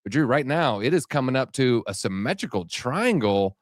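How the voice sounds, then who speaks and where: A man hosting a live crypto market show, talking fast and hyped at his viewers. He is slightly out of breath, and his mid-pitched voice sits on a dry, close studio mic with no room sound. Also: big pitch swings, no room sound. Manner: hyped, rapid-fire, addresses viewers directly. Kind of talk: energetic live-stream market commentary.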